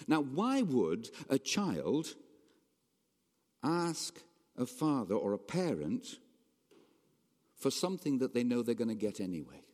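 A man preaching a sermon in a conversational, animated way, asking his congregation rhetorical questions. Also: medium pitch. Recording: long hall reverb.

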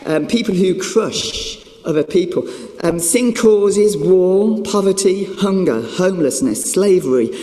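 A man's voice: high voice, expressive, a little slow, warm tone. A man preaching a sermon, telling a self-mocking story in an emphatic way. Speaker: pastor. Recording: echoey hall with long reverb.

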